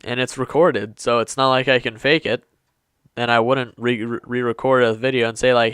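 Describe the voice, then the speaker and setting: A man's voice: mid-range voice, fairly even intonation, normal speed, fairly bright tone, clean tone, no room sound. A man giving casual let's-play commentary to his viewers, chatty and apologetic, stumbling over his words. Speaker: gaming YouTuber.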